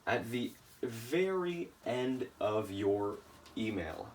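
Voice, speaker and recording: A tired man, his voice shot and worn, teaches email marketing in a casual lesson, often checking in with "right?". His voice is fairly low and sounds far from the mic.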